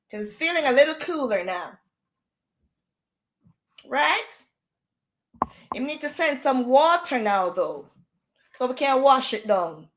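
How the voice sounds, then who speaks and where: A woman's voice: high voice, unhurried, long pauses. Chatty woman livestreaming. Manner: chatty, animated, switches into patois. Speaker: livestream host. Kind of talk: casual chat. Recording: echoey room.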